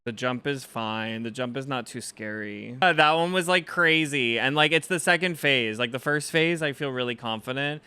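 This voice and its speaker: A young man streaming a game live, chatting casually with viewers and reacting as he plays, with loud game music behind him. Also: medium pitch, normal speed, few pauses, clean tone, no echo. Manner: casual, chatty, reacting to chat with swings between excitement and frustration. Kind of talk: live gameplay commentary.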